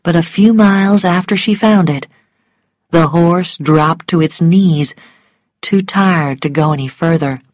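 A woman narrating a story for English learners in a slow, careful, clearly paced reading. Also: fairly low pitch, darkish tone, dry recording, clean studio sound.

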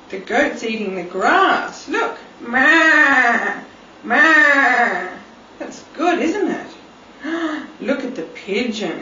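Woman reading to her baby, bright and animated, very slow, with echoey room sound. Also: on the high side, slight background noise. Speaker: parent. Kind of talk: reading a picture book to a baby. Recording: roomy, distant, dull home recording.

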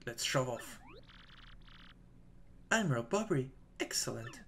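Give me a man playing a gruff old sailor, a bit higher and louder, formal and blustery. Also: big pitch swings, measured pace, a little hiss or hum, exaggerated voice. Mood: tender. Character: Admiral Bobbery, gruff grieving old male sailor.

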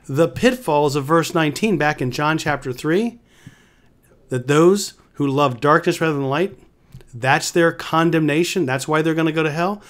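Earnest man teaching the Bible. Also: fairly high pitch. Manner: reads verses aloud, then explains them emphatically; conversational, with frequent restarts and tag questions. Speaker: host of a Bible teaching channel. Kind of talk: informal Bible teaching video.

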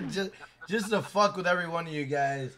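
A man's voice: high-pitched, expressive, moderate pace, vocal fry, bright, forceful tone. A man live-streaming a game, chatting casually, swearing and joking as he reads out viewer messages.

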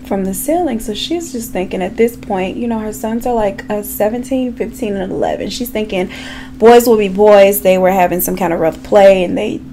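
A woman's voice: mid-range voice, normal speed, warm tone, slight background noise. A woman telling a true crime story in a casual, chatty way, with frequent asides to her viewers. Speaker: true crime makeup vlogger.

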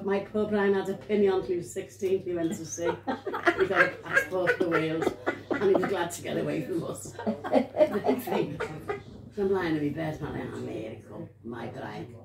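Old lady from liverpool spinning rude tales at a party, loud chatter around, echoey room, phone held far off. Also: medium pitch. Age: 80s. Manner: bawdy, swears freely, laughs through her stories. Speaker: storyteller at her birthday gathering. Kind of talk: casual storytelling.

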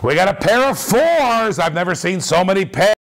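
Host type: high-pitched man, hyped live-auction caller, repeats himself a lot. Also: moderate pace. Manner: energetic, repetitive hype calls with laughs. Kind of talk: excited live-stream patter.

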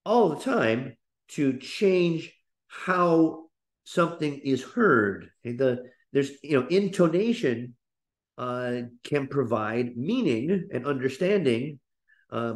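A man teaching a webinar lesson on speaking, explaining slowly with frequent fillers and restarts. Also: fairly high pitch. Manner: demonstrates example phrases in a lifted, playful voice.

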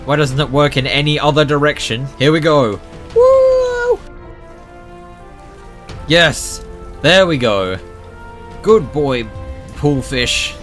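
A young man hosting a gaming channel, giving jokey, excitable commentary that bursts into loud yelps. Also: medium pitch. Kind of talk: gameplay commentary.

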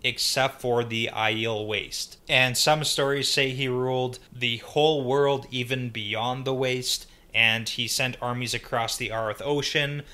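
Bright-toned man explaining lore on a podcast. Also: medium pitch, measured pace, hardly any pauses. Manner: explanatory, even-toned, frequent agreeing "yeah". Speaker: podcast co-host. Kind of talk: casual book discussion.

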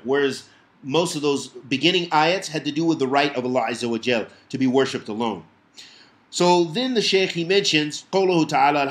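A man teaching a Quran commentary lesson, explaining verses with quick recited quotations and repeated emphasis. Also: on the high side, fairly bright tone, echoey room. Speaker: Islamic teacher.

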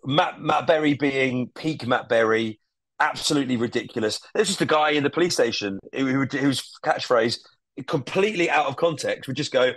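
Man, podcast guest, enthusiastic, sweary, middle pitch, dry recording. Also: normal speed, a bit bright, no room sound. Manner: enthusiastic, sweary, with many fillers and restarts. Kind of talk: casual podcast chat.

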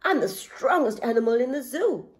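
Woman voicing a boastful storybook lion, proud and dismissive, lively and bright. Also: on the high side, moderate pace, close to an everyday voice. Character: boastful strong male lion.

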